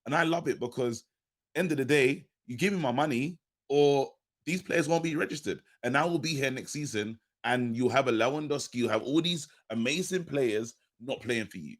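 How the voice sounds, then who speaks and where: A man's voice: medium pitch, normal speed. A man, chatting about football on a podcast panel in a laid-back, slangy way. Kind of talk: casual football podcast chat.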